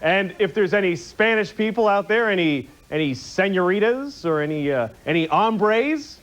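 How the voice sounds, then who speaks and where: A man's voice: high voice, lively intonation, normal speed, a bit bright. Man doing rambling mock-indignant stand-up. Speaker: stand-up comedian. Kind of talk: stand-up routine. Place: television studio stage. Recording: muffled TV broadcast with audience noise. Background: studio audience.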